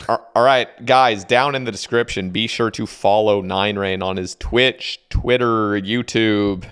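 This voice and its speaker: A man's voice: fairly low pitch, steady tone, unhurried, fairly bright tone, clean tone. A man hosting a casual podcast, agreeable and easygoing, often repeating himself. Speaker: podcast host.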